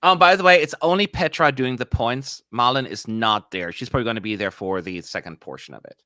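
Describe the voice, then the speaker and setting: A man co-hosting a live watch-along stream, chatting excitably and grumbling aloud as he tracks what is on screen. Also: medium pitch, brisk, no room sound, clean studio sound. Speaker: livestream co-host.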